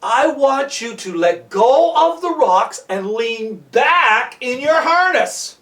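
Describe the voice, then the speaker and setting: Storyteller voicing a calm climbing instructor. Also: sits high, slow pace, heavily acted. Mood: reassuring. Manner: steady, reassuring. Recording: roomy, from a distance.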